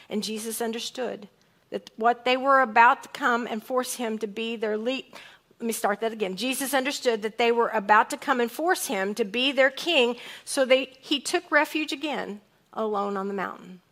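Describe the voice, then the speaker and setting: A woman's voice: fairly high pitch, a bit bright. A woman pastor giving a sermon, reading scripture aloud and acting out lines in different tones. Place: church sanctuary.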